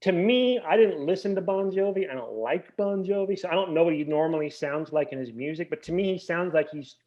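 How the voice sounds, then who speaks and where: A man chats as a podcast guest, ranting with animated, mock-indignant energy. His voice sits a little high for a man. The sound is dull and lo-fi. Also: brisk. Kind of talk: casual podcast chat.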